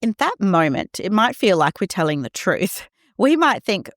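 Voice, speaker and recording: A woman hosting a parenting podcast, talking gently and reassuringly, acting out quoted lines in a scripted monologue. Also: medium pitch, big pitch swings, moderate pace, no room sound, clean studio sound.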